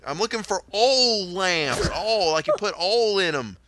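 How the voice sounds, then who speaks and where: A man's voice: high-pitched, big pitch swings, measured pace, bright, forceful tone, no room sound, pitched above the performer's own voice, full character voice. A man putting on a drawling Southern shopper. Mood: insistent.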